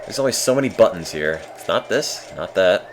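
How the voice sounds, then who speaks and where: A man chats through a game on a live stream in a deep, low voice. His delivery is deadpan and dryly self-mocking, with a faint ambient hum in the background. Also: normal speed. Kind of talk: casual live-stream commentary.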